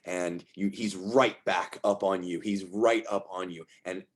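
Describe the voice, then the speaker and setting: A man with a fairly low voice narrates as game master. He paints dream scenes softly and slowly, often restarting his sentences. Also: fairly even intonation. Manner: soft, slow descriptive narration with restarts.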